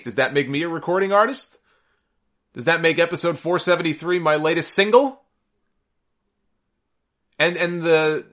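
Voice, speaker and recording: A man's voice: medium pitch, bright, forceful tone. A man hosting a solo podcast, giving sarcastic, opinionated commentary and getting exasperated and worked up. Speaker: podcast host.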